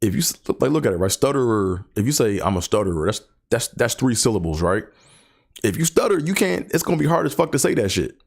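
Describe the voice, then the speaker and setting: A podcast host with a creaky, husky, medium-pitched voice talks briskly in a sing-song way during a casual solo chat. The subject is stuttering, which he has himself, and his rambling speech is dotted with fillers, repetitions and stutters.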